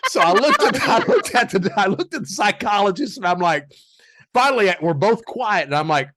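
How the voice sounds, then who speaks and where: A man telling stories as a podcast guest in a casual, animated way, chuckling as he acts out the dialogue. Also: high-pitched, normal speed, noisy background. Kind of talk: casual storytelling.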